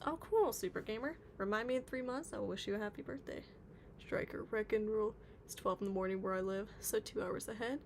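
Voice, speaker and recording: Chatty woman streamer with vocal fry. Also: mid-range voice, a little hiss or hum. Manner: chatty, reads chat aloud, many fillers. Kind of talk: casual livestream chat.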